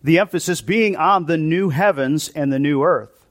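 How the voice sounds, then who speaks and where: A man's voice: on the high side, moderate pace, fairly bright tone. A male pastor delivers a sermon in a church, teaching through the verses in an easygoing, conversational way. He keeps asking the congregation questions, then answers them himself.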